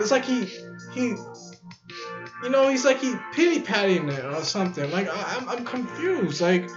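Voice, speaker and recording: A man talking casually to his viewers, stammering and incredulous, often restarting his sentences. His voice sits high. He is recorded in an echoey room with dull audio and faint music behind. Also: animated, moderate pace. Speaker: vlogger. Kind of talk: casual rambling commentary.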